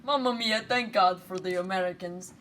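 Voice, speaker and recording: A woman's voice: medium pitch, normal speed, fairly bright tone, close to an everyday voice. Comic Italian ruler, boastful and silly, voiced by a woman; faint noise. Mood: gleeful. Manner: exclaims catchphrases, silly. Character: boastful comic Italian leader with a put-on accent. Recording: light background noise.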